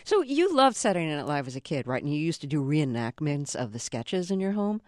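A woman hosting a radio interview, asking questions in a measured, gentle way. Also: deep voice, sing-song, no room sound, clean studio sound.

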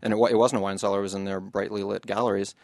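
A man's voice: on the low side, little pitch movement, racing, darkish tone, dry recording, clean studio sound. A man, an author, reading passages from his book to an audience and then answering questions in a loose, chatty way.

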